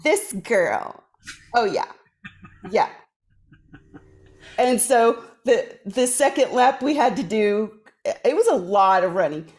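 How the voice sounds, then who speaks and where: A woman's voice: fairly high pitch, slow, long pauses. A woman telling a long funny story in casual chat, acting out the voices of the people she quotes, on a video call. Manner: animated, acts out quoted voices. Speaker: guest performer.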